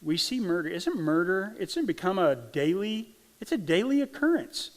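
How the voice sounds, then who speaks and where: A middle-aged man from Arkansas delivers a sermon in a relaxed, folksy way, often checking in with the congregation. His voice sits a little high for a man. The sound carries a long reverb from the church hall. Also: normal speed. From Arkansas, USA. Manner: conversational, folksy, asks the congregation "right?". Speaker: pastor. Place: church sanctuary.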